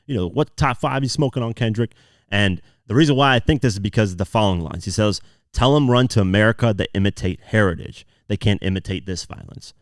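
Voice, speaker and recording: A podcast host with a very low voice walks through song lyrics bar by bar, stopping often for fillers as he explains. The sound is dry and close, with little room around it. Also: no echo. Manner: breaks down lyrics line by line, frequent fillers. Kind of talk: casual podcast commentary.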